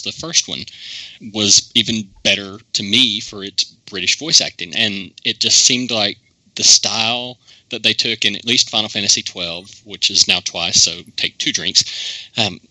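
A man with a low voice and a strikingly sharp, forceful tone, laying out his opinions at length in a podcast chat. The sound is dry and close. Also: no room sound, poor audio. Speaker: podcast panelist. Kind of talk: casual chat.

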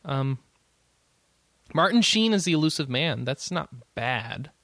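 A man co-hosting a casual podcast, excitable, laughing often and jumping up in pitch when indignant. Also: slow, no echo. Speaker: podcast co-host. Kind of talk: casual chat.

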